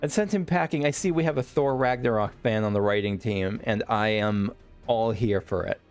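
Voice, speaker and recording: A man's voice: lowish voice, normal speed, smooth, faint music behind. A man casually commentating while playing a game, chatty and amused, thinking aloud. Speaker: let's play host.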